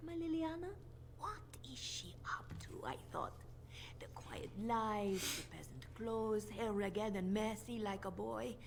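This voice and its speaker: A woman's voice: mid-range voice, vocal fry, background noise. An actress playing a scheming female spymaster in a video game, with a put-on French accent and a purring, condescending manner. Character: scheming female bard spymaster, silky and menacing.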